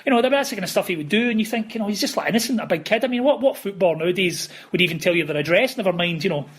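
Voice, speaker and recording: A man speaks as a podcast guest, quick and fairly high-pitched, piling up restarts and asides as he tells stories. His voice carries a husky edge. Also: animated. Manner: rambling, with many restarts and "you know". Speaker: author guest. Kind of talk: casual podcast interview, storytelling.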